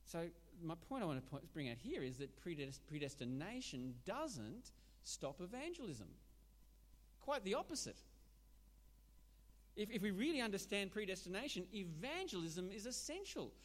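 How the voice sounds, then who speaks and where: A man preaching a sermon, animated and emphatic, often restarting his words. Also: sits high, normal speed. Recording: long hall reverb.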